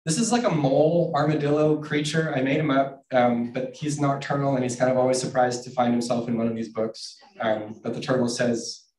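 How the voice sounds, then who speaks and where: A man's voice: mid-range voice, steady tone, brisk, hardly any pauses, darkish tone. A man from Canada, an author chatting casually and self-deprecatingly as he reads his picture books aloud at a bookstore event. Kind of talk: casual public book reading. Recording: roomy, distant mic.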